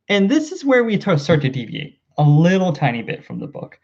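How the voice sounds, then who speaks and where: A man's voice: high voice, very animated, a little fast, hardly any pauses, darkish tone. A man, a dungeon master, casually recapping his campaign in a rambling, self-deprecating, amused way. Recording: slightly dull lo-fi audio.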